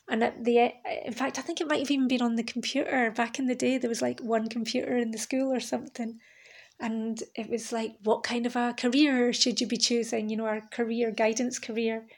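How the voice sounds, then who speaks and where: A woman's voice: a little high, gravelly. A woman, talking alone on her podcast in a candid, rambling, reflective way, swearing now and then. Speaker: podcast host. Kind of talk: reflective solo podcast monologue.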